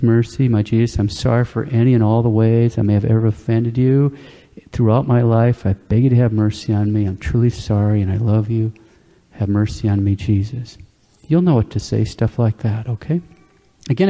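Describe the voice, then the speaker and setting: A man preaching a sermon in a calm, plain-spoken way, checking in with his listeners with a quick "okay?" as he explains. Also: mid-range voice, in a large hall.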